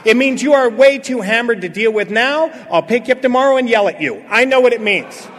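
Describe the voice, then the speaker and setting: In a high, lively voice and at a fairly quick pace, a man shares his personal recovery testimony with a meeting. He narrates like a storyteller, acting out what people said and swinging from loud to hushed, while a long reverb trails his words through the hall.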